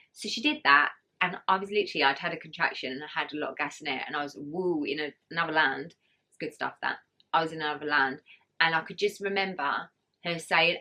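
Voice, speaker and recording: Mum vlogging her birth story, chatty and laughy, bright voice, lowish pitch. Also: a little fast. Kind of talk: casual birth story vlog.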